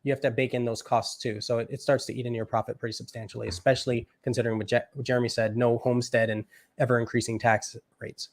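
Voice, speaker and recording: Man, co-host, middle-pitched voice, measured, explanatory, casual chat. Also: little pitch movement. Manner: measured, explanatory, adds practical caveats. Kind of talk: casual chat giving real estate advice.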